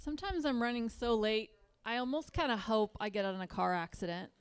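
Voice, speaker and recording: Young female comic, smooth higher voice, chatty self-deprecating stand-up. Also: animated, a little fast. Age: young adult. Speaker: stand-up comedian. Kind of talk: stand-up routine. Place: comedy club stage.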